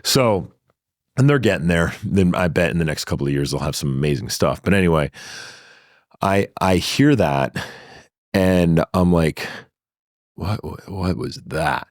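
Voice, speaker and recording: A man telling his own story in a studio interview, animated and acting out the dialogue, laughing often. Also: low voice, normal speed, dry recording. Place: sound studio. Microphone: studio microphone.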